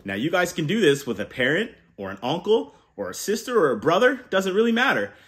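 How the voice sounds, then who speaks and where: A man's voice: high-pitched, big pitch swings, a little fast, a bit bright. A man reading a children's picture book aloud and leading kids in call-and-response chants. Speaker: children's storyteller.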